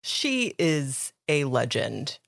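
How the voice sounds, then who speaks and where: A woman co-hosting a podcast in casual chat, bubbly and quick to laugh and squeal with excitement. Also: extremely low pitch, gravelly. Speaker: podcast co-host.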